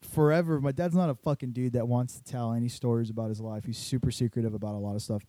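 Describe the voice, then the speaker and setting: Young guy, casual storyteller, mellow dark voice, dry close sound, swears freely. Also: mid-range voice, fast talker, dry recording. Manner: profane storyteller, animated retelling. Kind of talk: casual chat.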